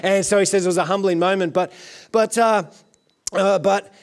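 Male guest preacher, Australian accent, conversational testimony with fillers, voice sitting a touch high. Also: fairly even intonation, moderate pace. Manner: conversational, earnest storytelling with frequent fillers. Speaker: guest pastor. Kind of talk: sermon with personal testimony. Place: church service.

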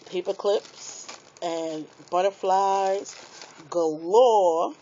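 A woman's voice: medium pitch, slow pace, pauses often, slight background noise. Chatty woman unboxing crafts. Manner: chatty, excitable, laughs at herself. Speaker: craft vlogger. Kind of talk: casual unboxing chat to viewers. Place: small apartment room. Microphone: tablet microphone. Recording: dull lo-fi tablet audio.

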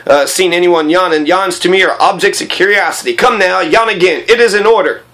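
A man voicing a pompous, proud old king from a storybook who issues loud commands. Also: high-pitched, brisk. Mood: commanding.

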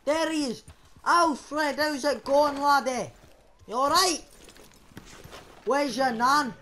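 A young man with a put-on Scottish accent, voicing a brash, foul-mouthed outlaw in a game role-play, rough and swaggering. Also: extremely high pitch, slow pace, pushed and bright, a little hiss or hum, exaggerated voice. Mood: blustering. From England. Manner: rough, swaggering, swears a lot.

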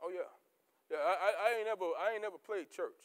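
A man preaching a sermon as pastor, repeating key words for emphasis and swinging between shouted peaks and low, quiet asides. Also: quick pace, clean tone. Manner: rising to shouts, then dropping to low asides.

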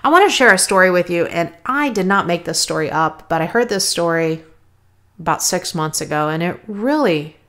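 Female podcast host, lower voice, casual motivational chat, peppers her lines with "right?". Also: lively intonation, normal speed, fairly bright tone. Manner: conversational, frequent "right?" tags. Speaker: podcast host, health coach.

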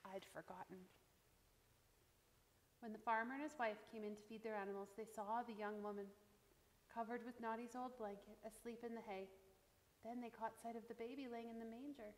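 Female storyteller reading aloud to kids, gentle and expressive, echoey room. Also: fairly high pitch, a little fast. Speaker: children's storyteller. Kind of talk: reading a picture book aloud.

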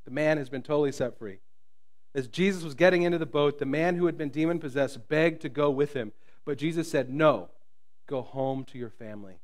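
A man preaching a sermon as pastor, swinging from loud, booming lines to quiet hushed ones and joking with the congregation. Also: brisk. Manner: jokes with the congregation. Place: church.

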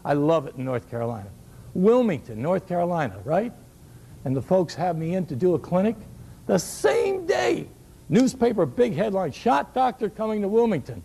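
A man's voice: high voice, big pitch swings, a little fast, creaky, mellow, slightly rough. A man in his sixties coaching basketball shooting at a clinic, a folksy storyteller who jokes and repeats his key words. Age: 60s.

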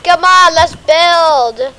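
A young female gamer chatting casually while playing, excitable and a bit bossy, slightly sick. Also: very high voice, drawn-out words, slight background noise, rough recording. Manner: excited, bossy about the game. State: a little sick. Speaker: gamer host. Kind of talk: casual game chat.

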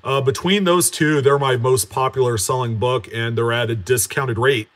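A man hosting a coin collecting channel in a casual live-stream chat, greeting viewers by name and answering them in a relaxed, rambling way. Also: medium pitch, moderate pace, hardly any pauses. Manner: chatty, reads out and answers viewer names; relaxed, with frequent fillers and self-corrections.

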